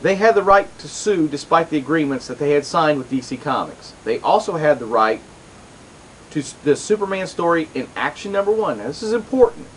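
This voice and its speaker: A man's voice: on the high side, expressive, brisk, a bit bright, slight background noise, low-quality recording. A middle-aged man hosting a comics show, rambling through casual commentary with lots of asides and restarts.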